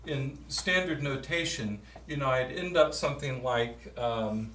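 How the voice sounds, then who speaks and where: A man's voice: medium pitch, lively intonation, measured pace, a bit bright. A man leading a choral workshop, talking chattily, correcting himself and chanting lines to show the emphasis. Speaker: choir clinician. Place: large echoey church or hall. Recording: echoey hall, voice from afar.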